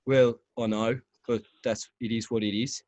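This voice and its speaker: Brief: man doing weary Brummie doctor, low and resigned. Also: level tone, normal speed, darkish tone, no echo, lightly acted. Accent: Birmingham.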